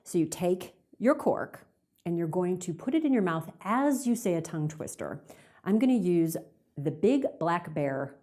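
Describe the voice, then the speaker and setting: A woman coaching viewers in speaking, chatty and demonstrative as she talks to camera. Her fairly low voice swoops up and down a lot. She sounds like a practiced voiceover artist. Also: animated, a little slow, mellow. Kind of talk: direct-to-camera tips video.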